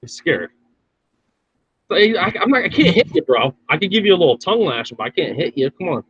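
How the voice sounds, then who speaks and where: A man's voice: fairly high pitch, sing-song, brisk, a bit bright, slightly rough, dry recording. A man in crude, slangy banter, swearing heavily and teasing the others. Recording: dull lo-fi sound.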